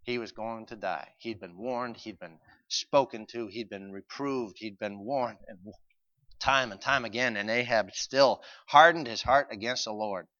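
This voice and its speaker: A male preacher reading scripture aloud and explaining it, swinging from quiet explanation to loud, urgent pleading. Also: lowish voice, measured pace, dry recording, lo-fi sound. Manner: reads old-fashioned scripture aloud with emphasis. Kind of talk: sermon reading and expounding scripture.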